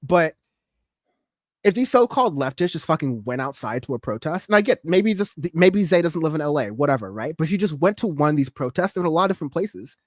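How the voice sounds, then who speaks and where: A man's voice: on the high side, sing-song, quick pace, dry recording, studio quality. A man hosting a political livestream, rambling with lots of fillers and sarcastic asides. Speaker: political commentary host. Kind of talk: livestream commentary.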